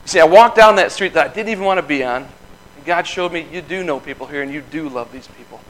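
A man in his thirties from the Midwest giving an informal testimony at a church, telling a story in an earnest, folksy way with quick laughs. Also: fairly high pitch, slight background noise, rough recording. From Michigan. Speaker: lay speaker giving testimony.

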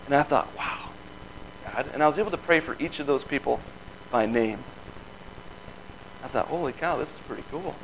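A man in his thirties from the Midwest giving an informal testimony at a church, telling a story in an earnest, folksy way with quick laughs. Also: mid-range voice, creaky, a bit bright, a little hiss or hum, low-quality recording. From Michigan. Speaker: lay speaker giving testimony.

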